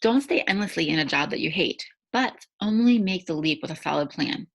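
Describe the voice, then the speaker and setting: A woman's voice: fairly low pitch, animated, fairly quick, vocal fry, fairly bright tone, poor audio. A woman hosting a faith-based challenge, giving a devotional teaching talk in a conversational way and often checking in with tag questions.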